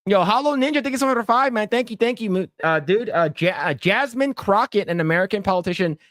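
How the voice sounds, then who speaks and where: A man's voice: sits high, lively intonation, quick pace, fairly bright tone, no echo, studio quality. A man hosting a casual livestream podcast, rambling, repeating words and thanking donors. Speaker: podcast host.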